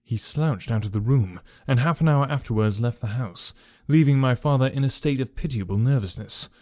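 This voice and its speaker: A man voicing a troubled young gentleman who earnestly recounts a family ordeal. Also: mid-range voice, moderate pace, dry recording, clean studio sound, lightly acted. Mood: grave. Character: young gentleman, troubled, telling of his father's ruin.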